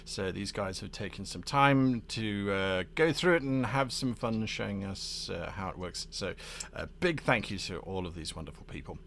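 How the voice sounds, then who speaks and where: A man's voice: lowish voice, normal speed, vocal fry, fairly bright tone, a little hiss or hum. A man hosting and narrating a tabletop game, chatty with laughing asides and dramatic narration. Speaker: game master.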